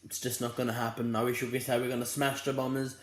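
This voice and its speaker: Rambling Australian young man, flat voice. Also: mid-range voice, fast talker, roomy sound. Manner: rambling and fired up, many restarts. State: tired and yawning. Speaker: footy fan vlogger. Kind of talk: casual fan preview monologue.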